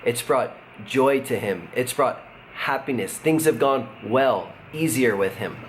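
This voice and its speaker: Relaxed man giving a casual devotional. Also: medium pitch, a little slow. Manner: relaxed, conversational, with many fillers and chuckles. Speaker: pastor. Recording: faint background noise.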